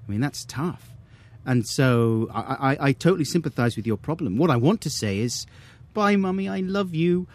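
A man co-hosting a radio show, chatting casually in an animated, teasing way with frequent laughter. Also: mid-range voice, brisk, husky. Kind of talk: casual chat.

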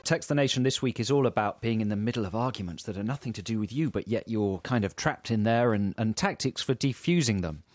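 A man's voice: lowish voice, expressive, fairly quick, few pauses, no echo, faint music behind. A man co-hosting a casual comedy show, laughing and reading listener jokes aloud in a studio. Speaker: radio podcast co-host.

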